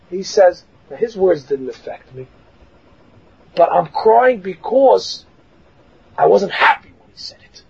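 A man with a high, husky voice gives a Torah lecture full of stories. He acts out each quote with lively energy and laughs often. The recording sounds dull and lo-fi. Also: measured pace. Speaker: rabbi teaching a class.

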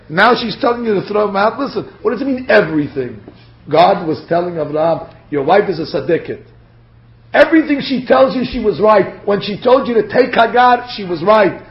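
A man teaching a Torah lecture to a class, acting out the quotes as he goes. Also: high voice. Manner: animated, acts out quotes. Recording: dull lo-fi lecture recording.

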